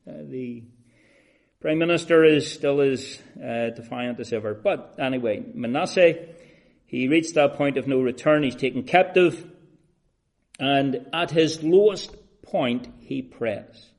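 A man preaching a sermon, shifting from soft, measured talk to loud, drawn-out emphasis and addressing listeners as beloved and friends. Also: mid-range voice, gravelly.

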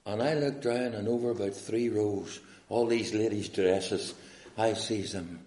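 A man with a Northern Irish accent delivers an evangelistic sermon packed with stories, swinging from hushed words to loud, pleading questions. His voice is lowish and his pace measured, in an echoey room.

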